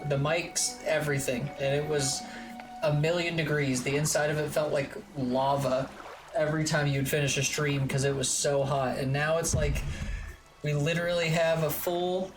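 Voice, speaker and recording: A woman's voice: low voice, fairly even intonation, moderate pace, music in the background. A woman streamer chatting casually and rambling while she plays, swearing freely, from a home streaming room. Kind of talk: casual chat while gaming.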